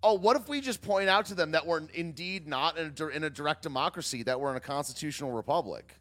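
A man's voice: on the high side, fast, a bit bright. A man hosting a livestream, chatting casually, reading chat aloud and joking sarcastically. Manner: sarcastic, laughs often, reads chat aloud. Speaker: livestream host.

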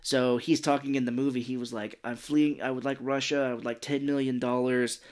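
Animated man recapping a movie. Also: mid-range voice, brisk. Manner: animated, retells scenes with quoted lines and swearing. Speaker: podcast co-host. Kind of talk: casual movie recap chat.

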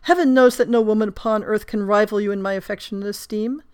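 An affectionate, resolute young noblewoman, as a woman reads her aloud. Her lines come tender and formal at a middling pitch, as in a period novel read aloud. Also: fairly even intonation, fast talker, a little mellow, smooth, natural voice.

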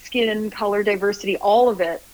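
A woman founder talking as a guest in a casual interview, earnest and animated, with many fillers and restarts. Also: mid-range voice, moderate pace, rough recording. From Canada.

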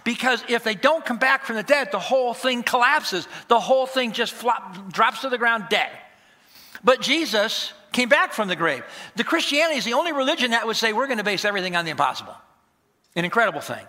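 An animated male pastor preaches a sermon with lots of emphasis. His voice sits high and sounds bright and forceful, and he often slips into short acted conversations. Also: a little fast. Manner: animated, emphatic, acts out dialogues.

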